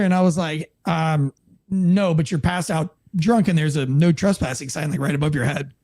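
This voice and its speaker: A man with a fairly high voice tells a police story in casual chat, very animated. He acts out quoted voices and swears freely. The sound is close and dry, with no room around him. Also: a little fast, dry recording. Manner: swears casually, many fillers. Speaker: police officer guest.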